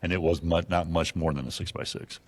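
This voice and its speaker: A man telling a hunting story in a casual interview, animated and profane, acting out the voices of the people in it. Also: low voice, a little fast. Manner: animated, profane, acts out dialogue in his stories. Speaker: guest.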